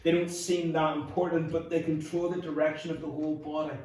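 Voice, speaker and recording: A man's voice: a little high, flat delivery, fairly quick, a little mellow, a little hiss or hum. A man with a Northern Irish accent preaching a humorous, conversational sermon as pastor. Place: church hall. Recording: echoey hall from far off.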